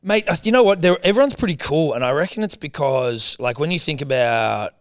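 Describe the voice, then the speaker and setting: A man's voice: a little high, animated, fairly quick, no room sound, clean studio sound. An Australian man hosting a casual interview, talking in a loose, sweary, chatty way. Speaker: host.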